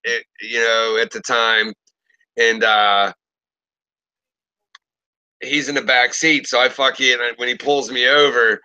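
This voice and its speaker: A man's voice: mid-range voice, slow pace, pauses often, smooth, poor audio. A man in his thirties casually telling profane stories in a live chat, acting out the people in them. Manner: profane, animated storyteller with lively quoted voices.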